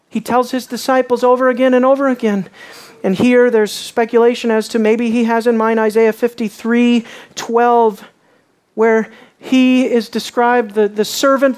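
A man preaching a sermon, asking his listeners questions and dropping low and quiet on key lines. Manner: asks the audience questions.

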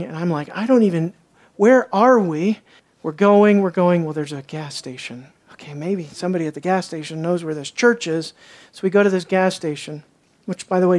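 A woman pastor preaching a sermon, telling stories and acting out the people in them. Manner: animated storytelling, acts out characters with jumps in pitch.

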